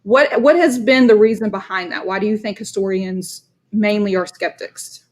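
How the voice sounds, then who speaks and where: A woman's voice: mid-range voice, moderate pace. A woman from Dallas with a Texan accent, hosting a podcast and chatting with enthusiasm and easy laughter. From Dallas, Texas. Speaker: podcast host. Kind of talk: casual interview chat.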